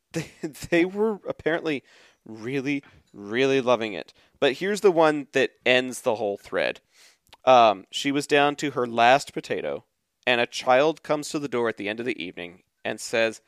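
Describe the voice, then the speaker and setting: A man co-hosting a podcast in a casual chat, reading out tweets and acting out the quoted kids loudly, laughing often. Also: medium pitch, lively intonation, moderate pace, dry recording, clean studio sound. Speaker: podcast co-host.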